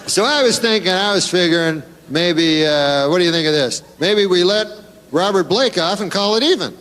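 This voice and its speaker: A middle-aged man delivering stand-up in a flat, deadpan way. His voice sits a little high for a man. He rambles and stops himself with halting asides. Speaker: stand-up comedian. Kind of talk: stand-up routine.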